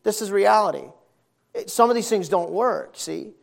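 High-voiced man preaching a folksy sermon. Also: moderate pace, creaky. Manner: animated, folksy storytelling with emphatic repetition.

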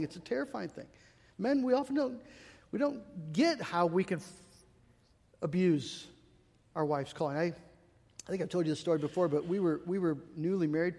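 High-voiced man preaching in a hall. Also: darkish tone. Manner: earnest, storytelling with self-deprecating humor. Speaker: pastor. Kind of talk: sermon.

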